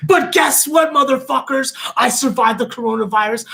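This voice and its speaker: A man's voice: very high voice, moderate pace, creaky, pushed and bright. A man appearing as a guest handicapper on a betting stream, joking in a brash, profane way. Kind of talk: casual co-host banter.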